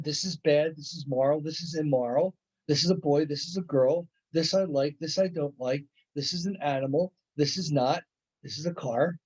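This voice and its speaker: Casting: male instructor, slightly raised pitch, casual lecture delivery peppered with "right?", slightly muffled recording. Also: darkish tone. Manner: conversational, with frequent "right?" check-ins and playful acted-out examples. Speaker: college instructor.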